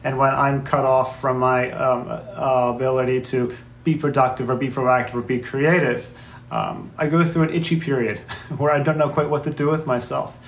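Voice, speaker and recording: A man's voice: medium pitch, fairly even intonation, moderate pace, gravelly. A man co-hosting a spiritual talk show, speaking in an earnest, reflective way and coaxing his listeners. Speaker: co-host. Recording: roomy echo, faint background noise.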